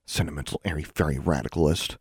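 A man voices a sneering teenage wizard bully, pitching his natural-sounding voice above his own, on the high side, with lively intonation at normal speed. The tone is contemptuous and growling, captured in a dry, clean studio recording.

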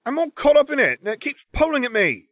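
Man doing a high, plaintive teen boy wizard, nervous and complaining. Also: huge pitch swings, a little fast, a little mellow, dry recording, clean studio sound. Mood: whiny.

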